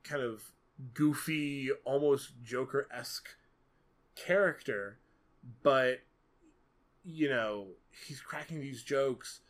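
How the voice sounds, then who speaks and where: A man's voice: medium pitch, slow pace, long pauses. A man co-hosting a podcast, talking about movies in a casual, rambling way, with many fillers and lots of animation. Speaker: podcast co-host. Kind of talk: casual film discussion.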